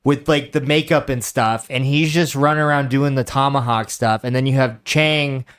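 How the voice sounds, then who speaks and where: A man's voice: medium pitch, fairly even intonation, moderate pace, fairly bright tone, clean tone. A man co-hosting a podcast, making sardonic, joking remarks about a film in casual chat. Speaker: podcast co-host.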